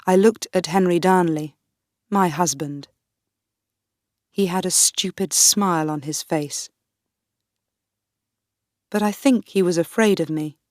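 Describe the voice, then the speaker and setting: A woman narrating a graded reader for learners in a slow, deliberate, clear reading. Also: on the low side, a little mellow, no echo, clean studio sound. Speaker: audiobook narrator.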